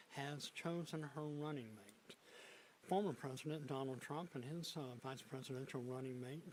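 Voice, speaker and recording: Halting male TV news anchor. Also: medium pitch, slight background noise, rough recording. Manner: halting, frequent fillers and restarts. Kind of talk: news broadcast with unscripted asides. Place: TV news studio desk.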